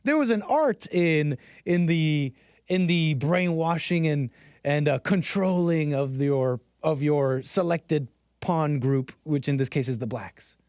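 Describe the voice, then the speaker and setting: A man hosting a casual commentary stream, talking in a loose, rambling way with many restarts and the odd laugh. His voice sits a little high and sounds close and dry. His delivery is unpolished and conversational. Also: takes it slowly, darkish tone, smooth, no room sound. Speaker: host.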